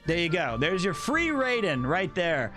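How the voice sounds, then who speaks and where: A man's voice: sits high, sing-song, measured pace, over music. A man livestreaming and chatting casually with viewers, playful and joking, swearing freely.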